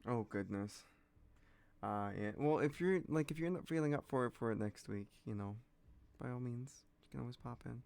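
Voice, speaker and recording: Before a tabletop session, a woman game master chats casually with her players in an easygoing, reassuring way, using lots of fillers. Her voice rumbles low with vocal fry, a little mellow, at a normal speed.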